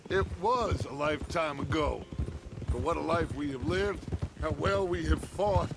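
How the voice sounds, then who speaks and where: Brief: a grandiose, persuasive outlaw gang leader in a game; high-set voice. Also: male voice, a little slow. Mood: calm. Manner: theatrical, persuasive, smooth-talking. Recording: game audio with loud ambient noise.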